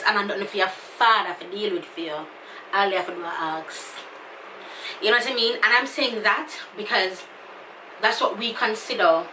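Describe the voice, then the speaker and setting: A woman's voice: mid-range voice, bright, forceful tone, recorded from a distance, a little hiss or hum. A woman with a Jamaican accent talking to her viewers in a casual, emotional, effusive vlog. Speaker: YouTuber. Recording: echoey room, somewhat off-mic.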